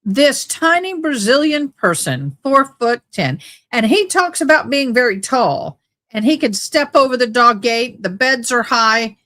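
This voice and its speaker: A woman's voice: on the high side, sing-song, unhurried, fairly bright tone. A woman hosting a live trial-watch stream, reading letters aloud and breaking off into wry, chatty asides to her viewers.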